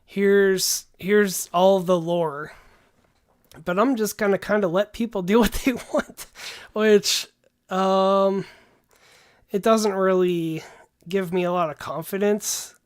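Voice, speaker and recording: A man's voice: high-pitched, fairly even intonation, slow, clean tone. A man hosting a livestream who talks in a casual, rambling way and calls people "dude". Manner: laid-back, rambling, says "dude" often. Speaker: livestream host.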